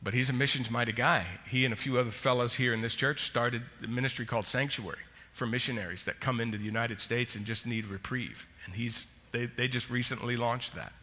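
A male senior pastor delivers a sermon in a medium-pitched, steady voice that is bright and forceful, speaking briskly with hardly any pauses. He tells a personal story with feeling and then closes in prayer. The church sanctuary gives the recording a long hall reverb.

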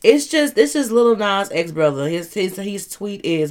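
A woman's voice: medium pitch, expressive, unhurried, darkish tone. A woman hosting a casual commentary show, chatty, rambling and laughing as she talks. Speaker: host.

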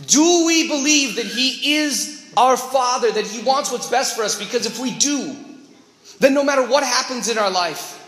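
A man, a Catholic priest, preaching a sermon as an animated storyteller with quick asides and acted-out quotes. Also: sits high. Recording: echoey church with long reverb.

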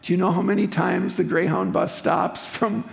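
An older speaker from eastern Wisconsin giving a personal testimony sermon in a church sanctuary, telling the story in a heartfelt, unhurried way with emotional swells. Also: mid-range voice, fairly even intonation, creaky. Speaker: guest speaker at a church service. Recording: echoey hall with faint music.

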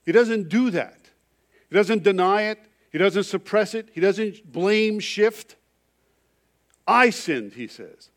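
Middle-aged guy pastor preaching, storytelling, gets loud then goes real quiet. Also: high voice, animated, unhurried. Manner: storytelling, shifting from loud emphasis to hushed confession. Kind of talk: sermon.

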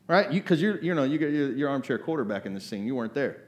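A man delivering a sermon in a casual, talky way at a middle pitch. He keeps checking in with the crowd, slips into acted voices, and swings between low asides and loud, emphatic peaks. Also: lively intonation, fast talker. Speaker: pastor.

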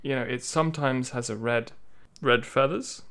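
A playful, nerdy man co-hosting a casual podcast. His voice is gravelly with a smooth, resonant edge, and he stops and restarts as he talks. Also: mid-range voice, normal speed, a bit bright. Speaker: podcast co-host. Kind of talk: casual chat.

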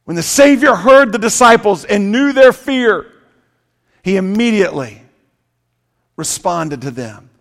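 High-voiced emphatic male preacher, echoing hall. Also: lively intonation. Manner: emphatic, repetitive preaching with sudden loud bursts and slow drawn-out phrases. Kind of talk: sermon. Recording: long reverb of a large hall.

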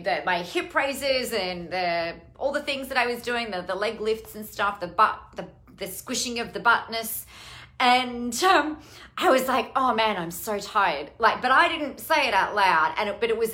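A woman's voice: medium pitch, pushed and bright. A middle-aged woman coach talking casually on a live stream, chatty and rambling, with some casual swearing. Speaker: online business coach.

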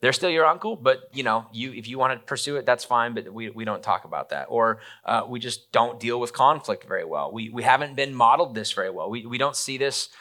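Brief: male pastor, bright forceful tone, chatty sermon delivery that acts out quoted lines. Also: medium pitch, a little fast, hardly any pauses.

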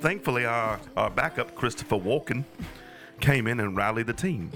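A man's voice: mid-range voice, animated, normal speed, gravelly. A man reading a silly story aloud in a put-on British accent, laughing as he goes, with music behind him. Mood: giddy. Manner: reading aloud while breaking into giggles.

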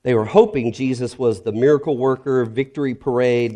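A male pastor giving an earnest, reflective sermon that grows quiet and soft in its heavier moments. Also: mid-range voice, a little fast, few pauses.

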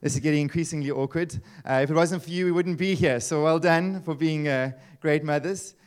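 A man in his thirties preaches a sermon. He talks in a lively, chatty way, full of asides and rhetorical questions. His voice sits a bit high for a man. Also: a little fast, clean tone. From South Africa. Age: 30s. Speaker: pastor.

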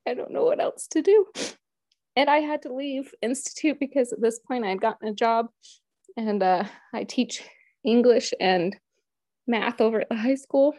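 Woman, 30s, earnest personal storyteller; mellow tone, dry close sound. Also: a little high, moderate pace, dry recording. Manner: earnest and heartfelt, quoting her own prayers. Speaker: guest sharing a personal story.

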